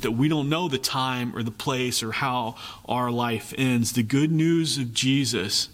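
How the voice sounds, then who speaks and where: A man preaching a sermon as a pastor, earnest, repeating phrases and shifting between quick and slow delivery. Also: medium pitch, fairly bright tone, long reverb tail.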